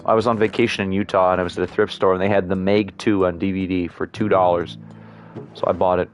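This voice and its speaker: A man with a fairly low voice talks through his gameplay in a loose, rambling way, dropping "like" constantly and swearing a little. Faint game music plays underneath him. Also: flat delivery, quick pace. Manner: rambling, full of "like" and mild swearing. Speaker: gaming streamer. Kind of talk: casual gameplay commentary.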